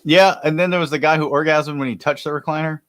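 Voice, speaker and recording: A man's voice: fairly high pitch, steady tone, quick pace, fairly bright tone, no room sound, studio quality. A man co-hosting a podcast, chatting casually with rambling, profane jokes. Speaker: podcast co-host. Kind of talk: casual comedic chat.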